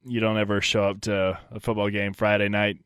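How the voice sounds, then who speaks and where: A man hosting, asking curious questions in a relaxed interview. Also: on the low side, brisk, clean tone, no room sound, clean studio sound.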